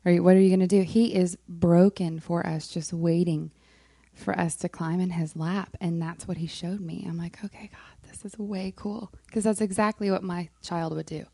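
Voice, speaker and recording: A woman, a worship leader sharing a personal faith testimony in a soft-spoken way with frequent ums. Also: fairly low pitch, steady tone, moderate pace, creaky, dry recording. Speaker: worship leader on a moms' panel. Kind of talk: casual heartfelt testimony.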